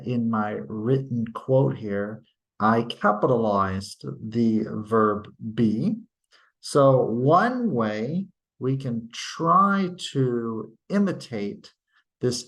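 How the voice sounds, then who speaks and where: A male teacher giving a recorded lecture, explaining patiently and stopping to act out example sentences. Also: medium pitch. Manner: slow, deliberate, explains patiently with tag questions; demonstrates intonation by acting out sentences.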